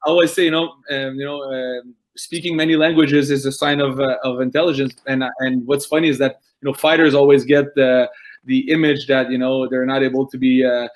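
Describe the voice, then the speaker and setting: A man's voice: medium pitch, little pitch movement, a little fast. A man hosting a casual interview podcast, who keeps searching for words with many restarts and "uh"s. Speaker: podcast host.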